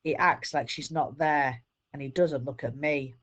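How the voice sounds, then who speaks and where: Woman, teacher, children's story read-aloud, steady, lowish voice. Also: unhurried. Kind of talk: reading a children's book aloud.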